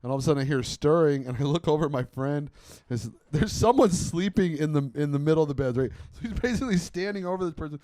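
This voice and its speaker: Guy in his 30s on a podcast, swears a lot, tells stories all animated, dry close mic. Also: fairly high pitch, quick pace, no echo. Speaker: podcast co-host. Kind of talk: casual chat, storytelling.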